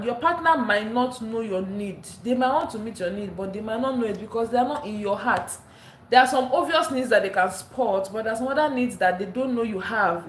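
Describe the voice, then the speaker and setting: A woman's voice: on the high side, a little hiss or hum. A tired woman from Nigeria hosting a casual live stream, greeting viewers by name and repeating herself as she talks. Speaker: livestream host. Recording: echoey room, faint ambience.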